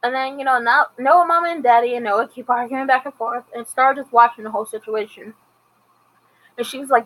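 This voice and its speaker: A woman's voice: fairly high pitch, steady tone, moderate pace, fairly bright tone, poor audio. Chatty woman recapping a TV episode. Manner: chatty retelling with acted-out quotes. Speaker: TV episode reviewer. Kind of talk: casual commentary recap.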